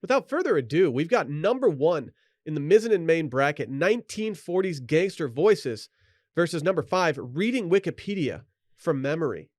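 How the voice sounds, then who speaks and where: A man's voice: a little high, very animated, moderate pace, darkish tone, no echo, clean studio sound. A man hosting a casual podcast segment in an upbeat, joking way. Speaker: podcast host.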